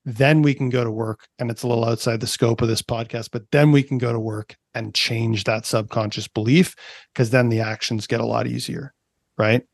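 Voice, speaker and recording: A man's voice: medium pitch, little pitch movement, normal speed, gravelly, no echo. A man from Canada in his thirties, a performance coach chatting on a podcast, explaining ideas with lots of "like" and "right?". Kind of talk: casual podcast interview.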